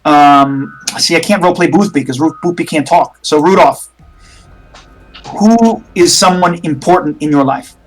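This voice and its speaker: A man's voice: a little high, normal speed, soft background music, low-quality recording. A man narrating a tabletop horror game as game master, hesitant, with many fillers.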